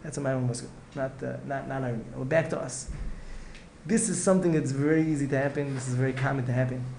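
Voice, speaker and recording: Here a rabbi lectures on Torah with earnest intent, circling back over his points, starting phrases again, and dropping in Hebrew and Yiddish terms. His mid-range voice is gravelly and a little mellow, steady in tone and quick in pace, recorded in an echoey space with faint ambience and a light hiss or hum.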